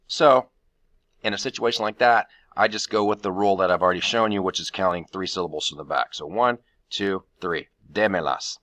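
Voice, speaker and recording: A man teaching a Spanish grammar lesson, walking through the steps of each rule with frequent fillers and pauses. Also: on the low side, pushed and bright.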